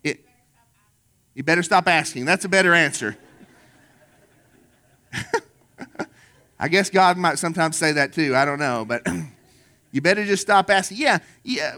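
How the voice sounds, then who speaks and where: Male pastor, middle-aged, fairly high-pitched, chatty sermon delivery that goes low and quiet on quotes. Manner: conversational storytelling preaching, drops low and soft for quoted lines.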